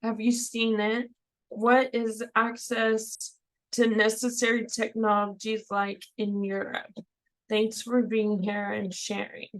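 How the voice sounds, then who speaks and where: A woman moderating a Q&A over a video call, reading out audience questions in a measured, friendly way. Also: fairly high pitch, little pitch movement, poor audio.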